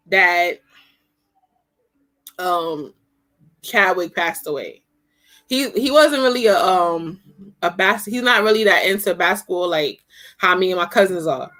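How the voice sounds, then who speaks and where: A middle-aged woman hosting a casual livestream, talking in an animated, chatty, slangy way. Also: medium pitch. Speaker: livestream host. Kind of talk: casual chat.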